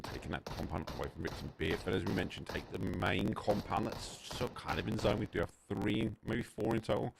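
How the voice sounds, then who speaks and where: A man with an Essex accent calls an esports match live, shifting from steady play-by-play to sudden bursts of excitement. His voice sits very low and carries a heavy gravelly crackle. Loud in-game gunfire rattles beneath his commentary. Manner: rapid shifts between calm calling and excited bursts. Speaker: esports caster. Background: in-game gunshots and explosions.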